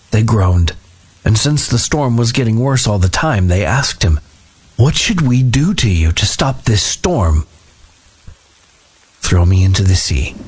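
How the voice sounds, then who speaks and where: A man giving a devotional talk and reading scripture aloud in a measured, solemn way. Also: fairly low pitch, a little mellow.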